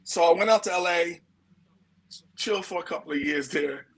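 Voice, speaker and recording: A middle-aged man with a New York accent, telling his stories in a slangy, animated way and acting out what people said. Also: high voice, normal speed, breathy edge, rough recording. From United States. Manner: slangy and animated, acts out quotes. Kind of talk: casual storytelling.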